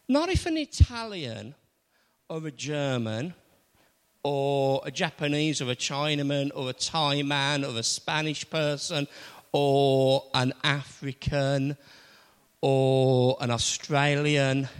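A man preaching a sermon, playfully quizzing the congregation and drawing them in before his message. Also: mid-range voice. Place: church. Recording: long church reverb.

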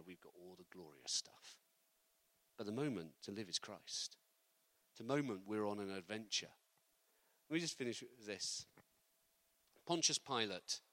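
Guy preaching, bright voice, goes up and down a lot, gets loud and emphatic. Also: fairly low pitch, no room sound. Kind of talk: sermon.

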